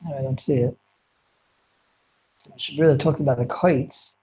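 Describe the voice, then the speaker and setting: A man teaching a Torah class, talking quickly with many restarts and mixing English with Hebrew and Yiddish terms. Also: medium pitch, fairly even intonation, mellow, low-quality recording. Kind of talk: Torah lecture to students.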